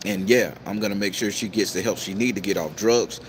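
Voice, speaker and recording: A man's voice: lowish voice, brisk, long reverb tail, slight background noise, lightly acted. A man quoting a plain-spoken, down-on-his-luck man from his men's group in a matter-of-fact way, close to his own voice.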